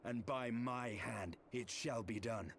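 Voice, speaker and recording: A man's voice: medium pitch, slow pace, a little hiss or hum. An actor playing a stern, proud male warrior in a game cutscene, curt and cold. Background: game music.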